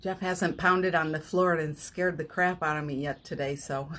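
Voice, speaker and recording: A woman hosting a live morning session as a spiritual coach, chatting casually and leading guided affirmations, with frequent laughs and soft, almost whispered phrases. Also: sits low, fairly even intonation, moderate pace. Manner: chatty, warm-hearted, laughs often, breaks into soft affirmations. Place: home, streaming live from her phone.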